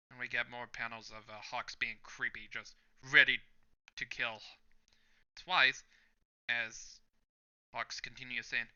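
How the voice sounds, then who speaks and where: A man hosts his own reaction video and reads a comic chapter aloud. He describes each panel slowly with easy fillers, in a bright, smooth voice. The recording is slightly muffled and lo-fi. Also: medium pitch. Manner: narrates panel by panel, relaxed, with fillers. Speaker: channel host. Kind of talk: reading a manga chapter aloud with commentary.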